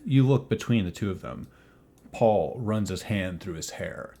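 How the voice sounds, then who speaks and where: Low-voiced guy running a tabletop game, calm and descriptive. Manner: measured, descriptive. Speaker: game master.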